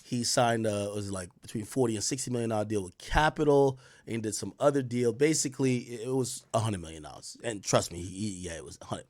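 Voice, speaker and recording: A man hosting a live stream, telling a story in a profane, excitable way that swings from loud outbursts to low mutters. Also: fast talker, few pauses, no room sound, studio quality. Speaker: streamer host.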